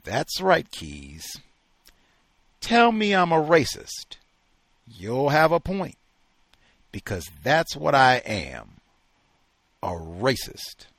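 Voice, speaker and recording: A man reading aloud as a furious older kennel owner who has given up on people, gruff and shouting. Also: mid-range voice, wildly swooping pitch, a little slow, dry recording, heavily acted. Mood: bitter defiance. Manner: gruff, shouting, then forced restraint.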